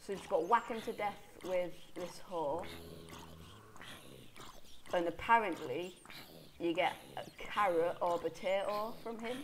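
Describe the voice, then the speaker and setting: A woman talks through her survival game with hiccups she can't shake. Her voice sits a little low, and she chatters on, mocking herself and chatting to the animals she meets. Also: a little slow, long pauses, a little hiss or hum, rough recording. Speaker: Minecraft let's player. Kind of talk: casual gameplay commentary.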